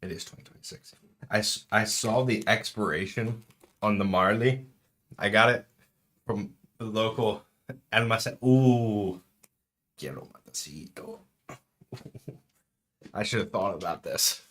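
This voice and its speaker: Laid-back low-voiced male streamer. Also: measured pace, pauses often. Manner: relaxed, chatty, drops in Spanish words. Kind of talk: casual live-stream food tasting.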